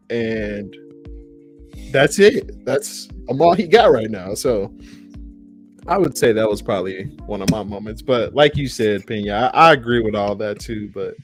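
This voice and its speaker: A man hosting a casual podcast, animated and quick to react with laughs. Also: medium pitch, faint music behind. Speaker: podcast host.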